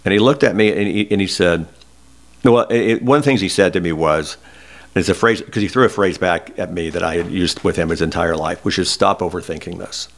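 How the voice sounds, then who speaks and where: Low-voiced older man, tearful and candid. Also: a little fast. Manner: emotional, candid, close to tears. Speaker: guest. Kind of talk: personal storytelling in an interview.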